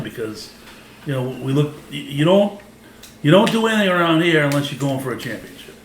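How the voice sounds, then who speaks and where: A man's voice: medium pitch, expressive, moderate pace. A man, co-hosting a casual sports podcast, easygoing and laid-back as he tells stories. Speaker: podcast co-host. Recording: echoey room with faint ambient noise.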